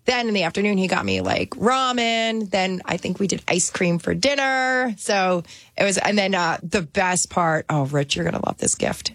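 A woman's voice: mid-range voice, animated, normal speed, fairly bright tone, dry recording. A woman from New Jersey, co-hosting a radio talk show in a chatty, bubbly way. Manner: chatty, bubbly, says "like" a lot. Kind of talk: casual chat.

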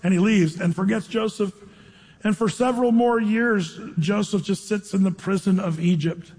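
Husky high-voiced male preacher in a reverberant hall. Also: a little mellow. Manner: informal storytelling with dramatic slow reading. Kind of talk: sermon, reading scripture then retelling the story. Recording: long reverb of a large hall.

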